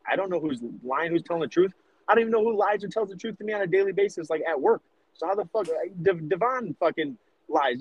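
A rambling, profane man in his thirties from the United States, arguing his case on a podcast. His voice sits a little high and sounds husky. The recording is dull and dry. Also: lively intonation, fast, no room sound. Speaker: podcast co-host. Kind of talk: casual podcast debate.

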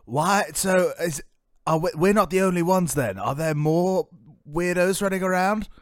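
A man plays in a tabletop game, speaking in a playful, self-mocking way. His voice sits slightly high, and giggles run through his lines. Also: a little slow, no room sound, clean studio sound. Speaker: player. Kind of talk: tabletop role-play chat.

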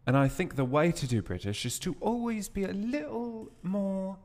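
A man's voice: high voice, expressive, normal speed, darkish tone, big-room sound. A young man co-hosting a podcast in casual, joking banter, recorded in the back of a gym. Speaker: podcast co-host. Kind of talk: casual chat.

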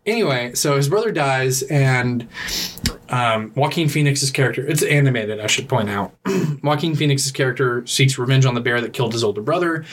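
Brief: male podcast co-host, mid-pitched, rambling and laughing casual recapper, slight background hiss. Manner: rambling, hesitant, laughs often. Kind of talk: casual movie recap chat.

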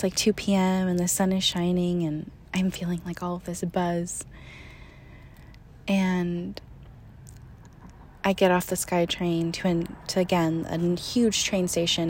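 Lively young woman telling a travel story. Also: lowish voice, a little hiss or hum. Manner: animated, laughs often, acts out quotes. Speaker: storyteller recounting a trip. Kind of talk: casual spoken storytelling.

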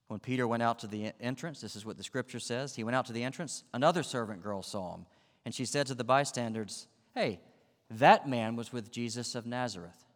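A man's voice: medium pitch, big-room sound. A man preaching a sermon as a pastor, acting out the voices in the story with drama.

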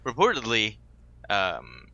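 A man's voice: fairly low pitch, wildly swooping pitch, slow pace, gravelly, sharp tone, dull audio. A man co-hosting a podcast, telling stories in a crude, exasperated way. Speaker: podcast co-host. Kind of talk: casual movie-review chat.

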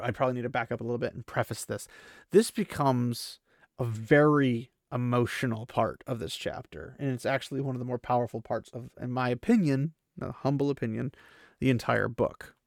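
A man's voice: mid-range voice, normal speed, creaky, dry recording, studio quality. A man hosting a podcast, reading a fantasy novel aloud and chatting about it in an earnest, self-deprecating way. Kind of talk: book reading with casual commentary.

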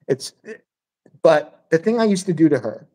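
A podcast host tells a story in casual, loose chat, swearing freely and acting out the voices with animation. His voice is fairly high, his pace moderate, and the recording rough.

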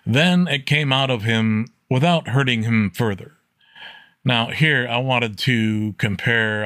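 A plainspoken man at a mid pitch teaches an informal Bible study, reading verses and then explaining them in his own words. He often pauses to check in with his listeners. The sound is close and dry, with no room around it. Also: fairly bright tone, no echo. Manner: plainspoken, repeats "okay?" to check listeners follow; reads scripture aloud with rising emphasis.

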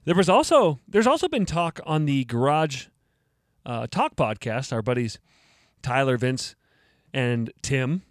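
Male podcast host, lively up-and-down delivery, dry close sound, jokey and mock-offended. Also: mid-range voice, a little slow, no room sound. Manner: jokey, mock-indignant, laughs at own jokes. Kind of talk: casual solo podcast talk.

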